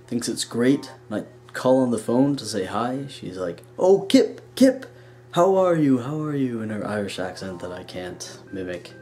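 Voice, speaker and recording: A man's voice: fairly low pitch, a little mellow. A young man in his twenties telling a personal story on his vlog in a dry, frank, wry way. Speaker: vlogger.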